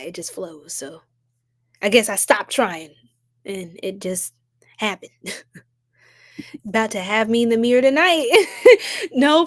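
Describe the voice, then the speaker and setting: A young adult woman hosting a psychic livestream, reading viewer comments in a casual, bubbly, effusive way and laughing often. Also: medium pitch.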